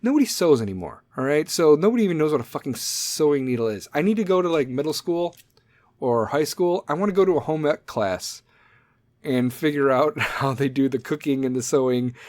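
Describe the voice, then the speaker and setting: A man's voice: fairly high pitch, expressive, a little fast, darkish tone, dry recording. A man in his forties hosting a solo comedic podcast, swearing constantly as he rambles in a sarcastic rant. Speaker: podcast host.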